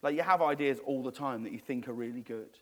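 A man being interviewed on stage, telling a story in an animated, rambling way with many restarts. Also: medium pitch, fast. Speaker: guest.

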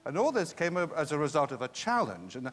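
A man's voice: a little high, huge pitch swings, fast. A man hosting a stage interview, polite and genial, turning to address the audience. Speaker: host. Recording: long hall reverb.

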